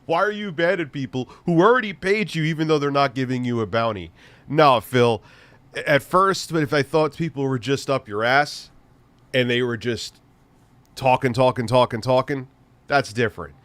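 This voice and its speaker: A man's voice: mid-range voice, moderate pace, a bit bright, dry recording. A man hosting a livestream, rambling through casual chat with crude, profane jokes and frequent restarts. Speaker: livestream host.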